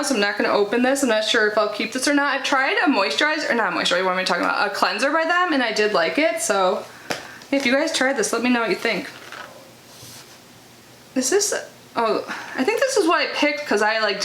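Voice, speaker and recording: A young woman unboxes products in a casual vlog, chatting away with lots of filler words as she reads the product blurbs aloud. Her voice is fairly high, pushed and bright, and the room is echoey with faint noise.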